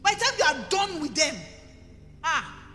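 A high-voiced Nigerian woman pastor preaches with a bright, sharp edge and swings her pitch widely. Her emphatic delivery rings through a reverberant church hall. Faint music plays underneath. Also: lively intonation, moderate pace, a little hiss or hum. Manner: emphatic, rising to forceful preaching. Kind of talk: sermon.

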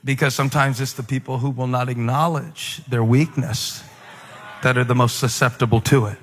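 A man preaching a sermon to a gathered congregation, animated, slipping into mocking, self-assured voices and rising to near shouts. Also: medium pitch, normal speed, noisy background. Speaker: pastor. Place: large hall with an audience. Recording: echoey hall, faint room ambience.

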